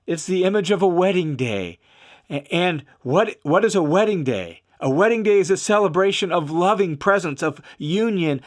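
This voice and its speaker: A man's voice: fairly high pitch, a bit bright. A man hosting a devotional podcast, giving an earnest, emphatic reflection and reading scripture aloud. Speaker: podcast host and Bible teacher.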